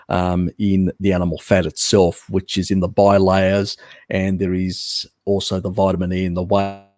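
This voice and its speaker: Answering viewers off the cuff on his live stream, this man speaks in a low, slightly mellow voice captured cleanly in the studio with no echo. His style is blunt, casual and profane, full of fillers and false starts as he rambles through the questions.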